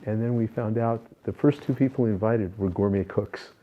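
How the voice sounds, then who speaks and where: A man's voice: lowish voice, brisk, muffled recording. An older man being interviewed, recounting personal spiritual experiences in an earnest, reflective way, with many fillers and restarts. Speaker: interview guest.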